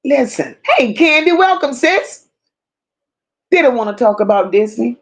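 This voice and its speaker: Blunt, high-voiced woman livestream host. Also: lively intonation, measured pace. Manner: blunt, emphatic, greets viewers by name. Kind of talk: casual livestream commentary reading chat.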